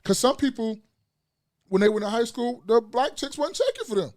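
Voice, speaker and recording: A man's voice: very high voice, lively intonation, normal speed, darkish tone. A middle-aged man as a podcast guest in casual chat, blunt and profane, telling stories animatedly.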